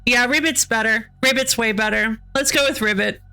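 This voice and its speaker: High, bright-voiced giggly woman streamer. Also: normal speed. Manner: excitable and giggly, with panicky shrieks. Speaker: game streamer. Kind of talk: live gameplay commentary.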